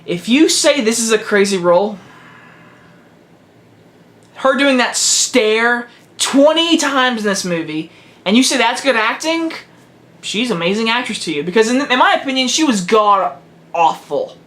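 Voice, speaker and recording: A man's voice: very high-pitched, animated, moderate pace, pauses often, a bit bright. A teenage boy giving a casual video movie review, blunt and emphatic, hammering his verdicts home again and again. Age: teens.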